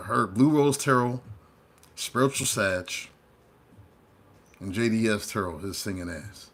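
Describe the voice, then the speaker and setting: A man's voice: lowish voice, takes it slowly, fairly bright tone. A man who reads tarot, talking casually and rambling to his viewers as he tells how he started, with loose asides along the way. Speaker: tarot reader. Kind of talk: casual storytelling monologue.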